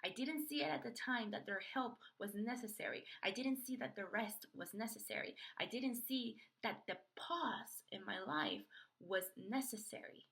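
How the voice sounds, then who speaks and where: A young woman hosting a podcast, telling a personal story in an animated way and acting out the voices of others in it. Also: fairly high pitch, normal speed. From Florida. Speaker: podcast host.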